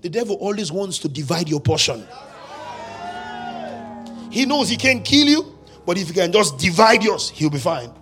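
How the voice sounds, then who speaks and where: A man's voice: high voice, very animated, normal speed, pauses often, a bit bright, faint music behind, some chatter behind. A man preaching a sermon as pastor, mixing humorous asides with dramatic retellings and bold declarations.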